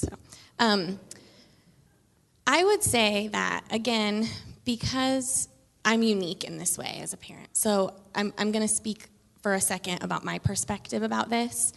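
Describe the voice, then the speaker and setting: Expressive woman with a gravelly edge. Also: medium pitch. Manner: chatty, expressive, storytelling. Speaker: children's pastor. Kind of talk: casual stage conversation in church. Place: church sanctuary. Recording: long reverb of a large hall.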